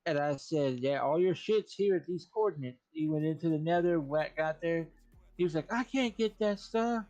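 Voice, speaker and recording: A man's voice: a little high, fairly even intonation, normal speed, dark tone. A man on a stream casually telling gaming stories, cursing a lot and laughing often. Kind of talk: casual gaming story chat. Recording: dull lo-fi stream audio with faint music.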